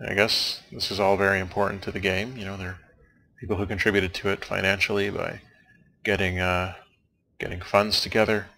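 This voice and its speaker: A young man with a low, gravelly voice that still cuts through bright and forward. He chats loosely over a game's credits, tossing off dry, wry asides as he drifts from one topic to the next. A faint hiss sits under the recording. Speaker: let's play commentator. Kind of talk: casual rambling commentary over game credits.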